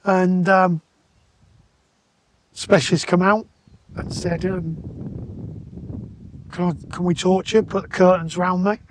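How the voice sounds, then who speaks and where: A man with a voice set higher than most men's talks as a podcast guest. He tells his story in casual, level-headed, matter-of-fact conversation. He often replays what others said to him. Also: slow pace, pauses often, slight background noise. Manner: calm, matter-of-fact, retells dialogue.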